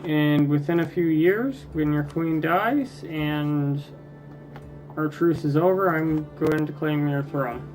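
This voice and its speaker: A man's voice: on the high side, slow, darkish tone, faint music behind. A man commenting casually on his strategy game, muttering and ranting in frustration at it. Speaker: gameplay video creator.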